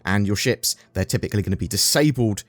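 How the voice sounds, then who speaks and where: A man's voice: on the low side, fast, no room sound. A man with an English accent hosting a gaming channel, giving casual game news commentary and often saying "sort of". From England. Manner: chatty, often says "sort of".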